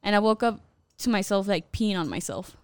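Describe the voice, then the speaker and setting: Smooth-voiced young woman telling her story. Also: medium pitch, big pitch swings, brisk, no room sound. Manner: candid, swears freely, many filler "like"s. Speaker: podcast guest. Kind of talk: casual storytelling.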